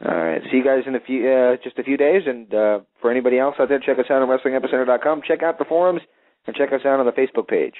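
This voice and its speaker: Over a tinny phone line, a wrestling talk show's radio host speaks very fast in a mid-range voice with no echo. He chats casually and rambles, restarting often and using filler words.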